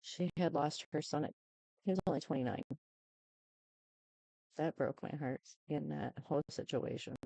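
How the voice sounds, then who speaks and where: A woman talking to camera in a casual update, halting and subdued with many ums, close to tears. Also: low voice, vocal fry, warm tone, no echo, rough recording. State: tearful, close to crying. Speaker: YouTuber giving an update.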